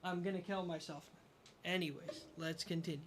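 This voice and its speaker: A man's voice: sits high, fairly even intonation, moderate pace, background noise. A young man streaming a game, casually commenting to his chat, frustrated, swearing and mocking himself. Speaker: gaming streamer.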